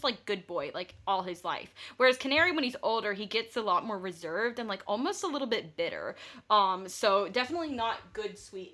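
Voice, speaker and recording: A woman's voice: medium pitch, bright, forceful tone. A young woman hosting a solo podcast, talking casually in a rambling, chatty way with lots of fillers and restarts. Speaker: podcast host.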